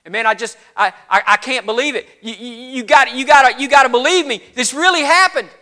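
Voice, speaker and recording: A man voicing an excited rough shepherd with a Southern accent, stammering and insistent, his voice cracking. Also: very high-pitched, quick pace, exaggerated voice. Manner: stammering, insistent, shouting at times. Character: excited rough male shepherd, breathless with news.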